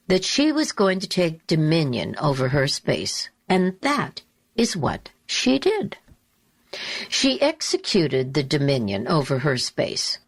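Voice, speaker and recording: A woman talk show host telling a story in a slow, deliberate, emphatic way, repeating her key phrases. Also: deep voice. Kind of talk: storytelling monologue.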